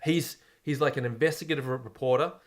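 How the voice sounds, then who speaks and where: A young man co-hosting a comedy podcast, casually pitching a crude, joking movie plot. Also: fast. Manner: laid-back storyteller, crude jokes. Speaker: podcast co-host.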